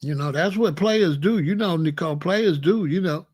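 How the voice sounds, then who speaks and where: A man's voice: fairly high pitch, moderate pace, darkish tone, breathy edge. A man hosting his own commentary channel, joking and bragging in a casual, streetwise rant.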